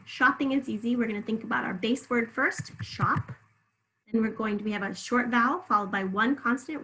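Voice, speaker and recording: Bright-voiced woman teaching spelling. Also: a little high, a little hiss or hum, poor audio. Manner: patient, encouraging, sounds out syllables slowly. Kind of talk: spelling lesson.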